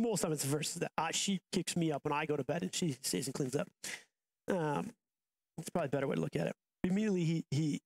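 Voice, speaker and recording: A man's voice: on the high side, creaky. Casual, chatty male pastor. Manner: casual and conversational, with many restarts and asides. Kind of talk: sermon. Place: church auditorium.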